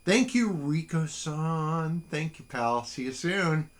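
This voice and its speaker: A man's voice: on the high side, expressive, slow pace. A middle-aged man hosting a casual solo podcast, rambling and self-deprecating with lots of fillers. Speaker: podcast host. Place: small home studio.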